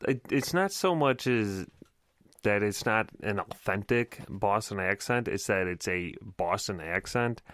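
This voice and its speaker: Grumpy blunt guy on a podcast, kinda low voice, dry close sound. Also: expressive, unhurried, a bit bright, no room sound. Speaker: podcast co-host. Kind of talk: casual podcast chat.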